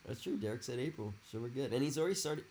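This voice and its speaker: A man's voice: medium pitch, lively intonation, rapid-fire, darkish tone. A man who is a guest on a podcast, chatting casually about a fantasy league and rambling with lots of "it's like" and "you know". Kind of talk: casual fantasy football chat.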